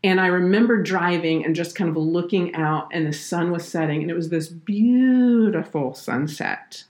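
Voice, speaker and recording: A low-pitched woman talks on a faith podcast. She tells a personal story in an earnest, heartfelt way. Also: moderate pace, darkish tone. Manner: earnest, heartfelt, tearful at moments. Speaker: podcast guest, children's minister.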